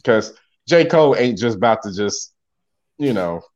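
A man's voice: fairly low pitch, lively intonation, moderate pace, a little mellow, muffled recording. A man co-hosting a podcast, talking in a laid-back, thoughtful way. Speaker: podcast co-host. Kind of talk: casual podcast chat.

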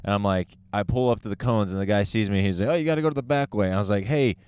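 A man's voice: fairly low pitch, very fast, a little mellow, clean tone, dry recording, studio quality. A man co-hosting a comedy podcast, telling a rambling story with lots of swearing and restarts. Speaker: podcast co-host. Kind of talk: casual comedy podcast chat.

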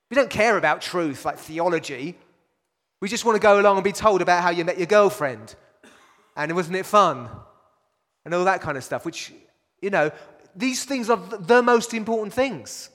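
A man's voice: high-pitched, fairly bright tone. Man preaching in an echoing hall. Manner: conversational preaching, many fillers and restarts, rhetorical questions. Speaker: pastor. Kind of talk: sermon.

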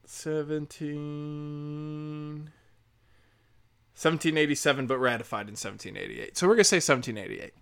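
A speaker in a profane comedic rant, sarcastic, swinging loud and high then low and muttered. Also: moderate pace, vocal fry, pauses often, clean tone. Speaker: solo commentator.

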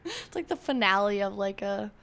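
Rambling woman with a creaky voice. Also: mid-range voice, moderate pace. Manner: rambling, animated, lots of "like". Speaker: podcast host. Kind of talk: casual chat.

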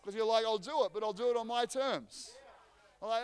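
A man preaching a sermon as pastor, energetic and joking, often restarting his phrases. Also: sits high, quick pace, clean tone. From Australia.

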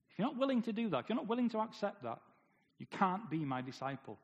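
A man's voice: sits high, expressive, fast, fairly bright tone. A man preaching a sermon, firing off rhetorical questions with wry humor. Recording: long hall reverb.

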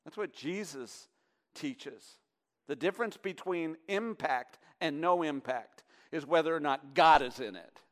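A man preaching a sermon as pastor. He is impassioned and moves from hushed, low passages to loud, emphatic peaks. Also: unhurried.

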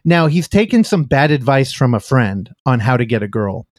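A man hosts a casual film podcast, chatting loosely, laughing often, and interrupting himself. His mid-range voice is sing-song at a normal speed, and the studio-quality recording has no echo.

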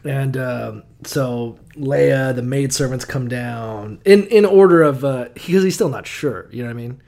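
A man's voice: mid-range voice, normal speed, gravelly, darkish tone. A man co-hosting a podcast, casually retelling a story with lots of swearing, rambling asides and laughter. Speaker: podcast co-host. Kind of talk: comedic retelling, casual chat.

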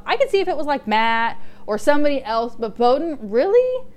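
A woman's voice: fairly high pitch, big pitch swings, quick pace, a little mellow. A woman co-hosting a podcast, chatting casually about a TV show in emphatic, indignant asides. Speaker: podcast co-host. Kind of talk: casual TV recap chat.

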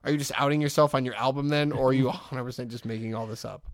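A man's voice: medium pitch, fairly even intonation, racing, dry recording, clean studio sound. A man co-hosting a casual comedy podcast, blunt and sarcastic, swearing freely. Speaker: podcast co-host.

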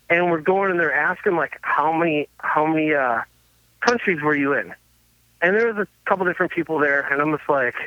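Man, guest musician, casual storytelling, laughs often, swears, fairly high voice, dry, dull lo-fi sound. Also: dry recording. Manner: laughing, swearing, animated anecdotes.

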